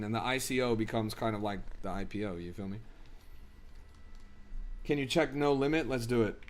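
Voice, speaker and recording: A young man streaming about crypto, reading viewer comments in a casual chat and ranting in exasperation with lots of swearing. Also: medium pitch.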